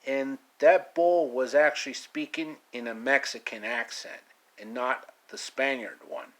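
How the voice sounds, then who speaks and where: A man's voice: mid-range voice, steady tone, a little slow, a bit bright. A man casually telling his own take on a classic adventure story, laid-back, with scattered foreign phrases. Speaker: storyteller, channel host. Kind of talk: casual home-made storytelling.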